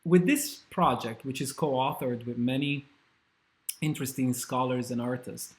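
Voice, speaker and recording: A man's voice: mid-range voice, unhurried. A man giving an academic talk, enthusiastic and hesitating with fillers. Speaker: scholar and speaker.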